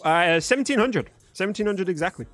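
A man's voice: sits high, expressive, a little fast, fairly bright tone, soft background music. A young man from Birmingham with a mostly neutral British accent, hosting a live stream, chatting with and thanking viewers as he reads the chat. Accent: British English, mostly neutral. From Birmingham, England. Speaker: streamer host.

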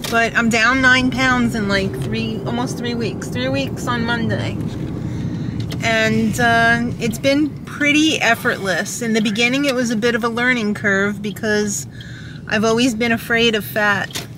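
Chatty, upbeat woman vlogger, slightly high. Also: steady tone, a little slow, background noise. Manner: chatty, upbeat, laughs often, many fillers and restarts. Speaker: vlogger host. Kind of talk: casual chatty vlog update.

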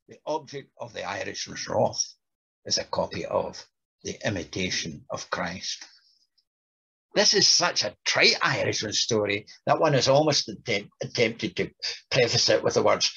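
Husky gravelly man giving a literary talk. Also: lowish voice, a little slow, highs cut off. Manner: reads quotes with lively voices. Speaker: lecturer. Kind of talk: talk with dramatic readings.

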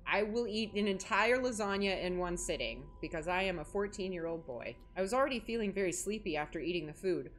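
A young woman hosts a horror game playthrough, joking and reacting dramatically while she talks to herself and the game. Her mid-range voice has lively intonation and moves a little fast with few pauses, over a little hiss or hum.

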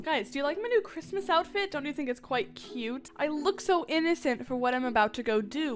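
A young woman gaming YouTuber reading viewer confessions in a chatty, playful, teasing way. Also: high-pitched. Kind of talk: casual gameplay commentary reading viewer confessions.

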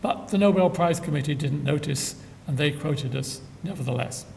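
An older man delivers a public science lecture in a somewhat high, gravelly voice, full of "uh"s and dry asides. He sounds far from the microphone, and his voice rings in a large hall over a faint low rumble. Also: normal speed, a little mellow. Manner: dry humor, many filler "uh"s. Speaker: physicist giving a public lecture.

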